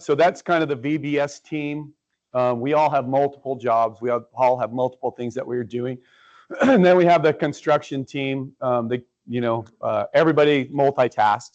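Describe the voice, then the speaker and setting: Man, church presenter, halting speech full of fillers, muffled lo-fi recording. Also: mid-range voice, a little mellow. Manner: halting, many filler ums and uhs. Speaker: church mission trip presenter. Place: church sanctuary.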